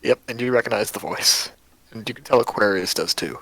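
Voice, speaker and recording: A man narrating as game master in a tabletop game, with a relaxed, casual manner and frequent ums. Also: on the low side, fairly quick, no room sound, poor audio.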